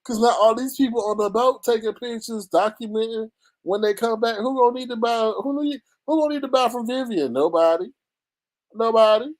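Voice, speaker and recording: A man doing casual gossip commentary on a livestream, reading chat and talking in an animated, dramatic way with frequent laughter. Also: very high-pitched, brisk.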